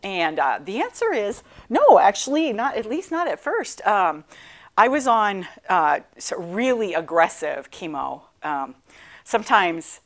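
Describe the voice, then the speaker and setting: A middle-aged woman and cancer survivor telling her own story in a class talk, animated and self-deprecating, laughing often. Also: mid-range voice, unhurried.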